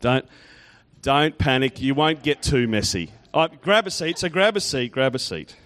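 A man's voice: mid-range voice, sing-song, normal speed, fairly bright tone. A man giving a playful children's talk in church, teasing and quizzing the kids and congregation.

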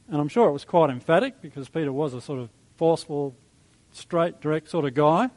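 A man preaching a sermon in a conversational, reflective way, with soft chuckles. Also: fairly high pitch, fairly quick, poor audio. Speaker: pastor.

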